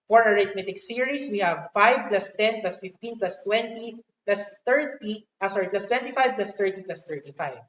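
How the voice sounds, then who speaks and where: A woman with a Filipino accent teaching a live online math lesson, slow and encouraging. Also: medium pitch, a bit bright. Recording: echoey room, distant dull mic.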